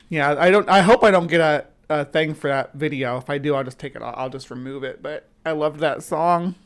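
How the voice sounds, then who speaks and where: A woman's voice: sits low, normal speed. Rambling woman hosting a livestream. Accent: central US. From central US, between the South and the upper Midwest. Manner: rambling, chatty, greets viewers as they join; skeptic. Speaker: livestream host. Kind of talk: casual livestream chat.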